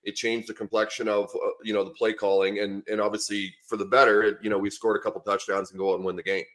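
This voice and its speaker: Easygoing middle-aged Canadian man, low voice. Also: flat delivery, fast talker, fairly bright tone. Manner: easygoing, rambling storyteller with many fillers and restarts. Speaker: podcast guest, former lineman and coach. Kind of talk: casual podcast chat.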